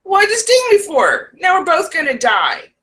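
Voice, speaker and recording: A woman's voice: very high voice, huge pitch swings, moderate pace, pushed and bright, pitched above the performer's own voice, exaggerated voice. A woman doing a wary fable frog. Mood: alarmed. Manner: alarmed, pleading.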